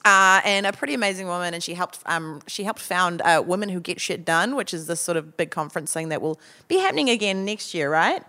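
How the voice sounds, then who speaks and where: A woman's voice: fairly low pitch, animated, a little fast, few pauses, pushed and bright. A woman with a New Zealand accent telling stories and hosting on a live theatre stage. She speaks in a casual, chatty way with lots of ums and uhs. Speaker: host. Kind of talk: live storytelling.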